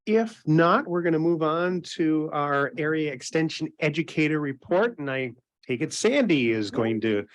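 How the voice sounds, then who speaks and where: A man runs a committee meeting in a brisk, friendly way. His voice sounds dry and close, with no room around it. He moves speakers along with short prompts. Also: a little high, expressive, dry recording. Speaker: committee chair. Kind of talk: chairing a meeting.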